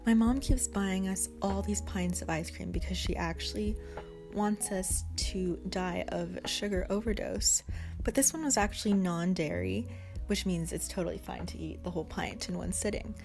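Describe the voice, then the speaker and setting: A woman's voice: mid-range voice, lively intonation, normal speed, darkish tone, faint music behind. A woman in her twenties narrating a casual food vlog in a chatty, giggly way, full of fillers. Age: 20s. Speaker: vlogger.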